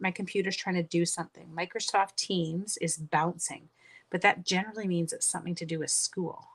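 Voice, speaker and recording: Speaking a little fast in a fairly low voice with fairly even intonation, this middle-aged woman runs a card-making livestream. She chats with her viewers and narrates each step to herself as she crafts.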